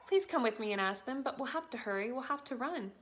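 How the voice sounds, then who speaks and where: A woman voicing a frantic, pleading little girl in a read-aloud storybook, speaking high, urgent and breathless. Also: animated, fast, a little hiss or hum, lightly acted. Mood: urgent, eager.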